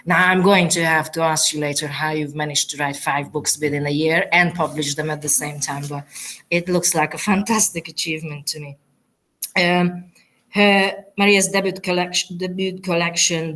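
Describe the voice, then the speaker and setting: A woman's voice: deep voice, a bit bright. A woman hosting a poetry reading in a university lecture theatre, introducing the readers with many fillers and restarts. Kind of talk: live event introduction.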